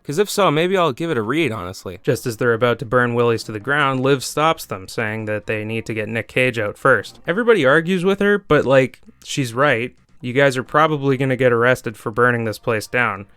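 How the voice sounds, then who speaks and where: A man hosting a comedic movie review, narrating with sarcastic remarks and deadpan asides. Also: mid-range voice, fairly quick, few pauses, clear, resonant tone, dry recording. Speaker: comedy video host. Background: faint music.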